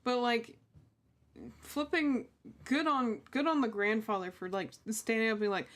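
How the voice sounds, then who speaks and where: A woman's voice: a little high, moderate pace. Chatty young woman reacting animatedly. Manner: animated, laughing, mimics people mockingly. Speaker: reaction streamer. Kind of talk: casual reaction chat.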